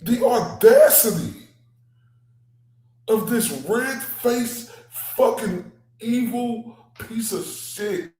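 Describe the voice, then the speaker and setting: A man hosts, reacting to clips in a heated, profane, repetitive rant. His voice sits a little high and moves at an unhurried pace. The room around him rings with a noticeable echo. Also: animated, mellow. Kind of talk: profane ranting reaction commentary. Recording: roomy echo.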